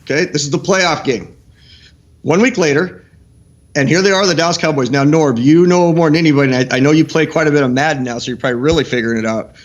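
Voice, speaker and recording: A middle-aged man with a slightly raised pitch, breaking down football film as a guest coach on a streamed show. He gets animated as he talks. He stumbles into frequent restarts as the ideas pile up. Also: fast talker, muffled recording. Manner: animated, excitable, restarts often.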